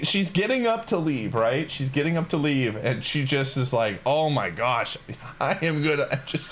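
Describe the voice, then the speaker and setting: A male streamer telling a story casually while he plays. His pitch is a little higher than most men's and swings widely as he talks. He laughs often and uses a lot of slang. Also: fairly bright tone, a little hiss or hum.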